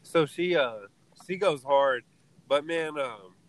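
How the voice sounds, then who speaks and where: A man co-hosting a casual podcast, talking loosely with slang and getting excited about fights. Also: a little high, slow, heavy background noise. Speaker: podcast co-host.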